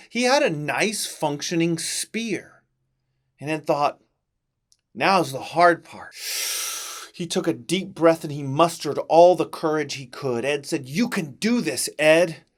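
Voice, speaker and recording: Dramatic man telling a Bible story. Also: on the high side. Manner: dramatic, expressive storytelling with big swings. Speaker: children's ministry teacher. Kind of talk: Bible story narration for children.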